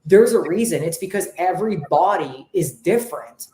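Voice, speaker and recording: A woman's voice: lowish voice, animated, moderate pace, warm tone, roomy sound. A woman fitness and nutrition coach talking enthusiastically and with emphasis in a casual interview.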